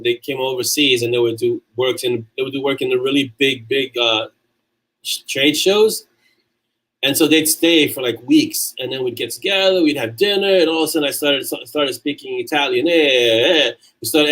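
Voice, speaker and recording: A man's voice: mid-range voice, fairly bright tone, rough recording. A man with a New York accent hosting a casual livestream, reading viewer comments aloud and answering them in a chatty way. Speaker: livestream host answering chat.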